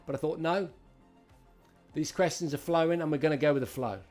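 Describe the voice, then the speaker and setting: A man's voice: on the high side, a little fast, darkish tone, soft background music. A middle-aged man hosting a live-streamed retro quiz, chatting and greeting viewers by name as he reads out questions. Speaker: host.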